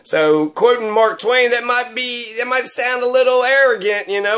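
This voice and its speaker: A man's voice: very high voice, moderate pace, few pauses, fairly bright tone. A man giving rambling, sarcastic solo commentary with plenty of fillers. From Kentucky.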